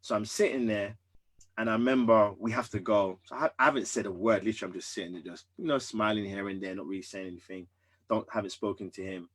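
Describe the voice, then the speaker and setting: A man in his thirties, a podcast guest, candidly telling a personal story in an earnest, emphatic way that swings between loud and hushed. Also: on the low side, fairly even intonation, fast talker.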